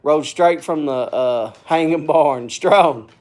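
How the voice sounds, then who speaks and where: A man with a notably high voice talks to his viewers in loose, casual live-stream chat. He rambles, circles back and repeats phrases in a folksy way, sometimes getting himself worked up before settling down. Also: slow. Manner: gets worked up then calms.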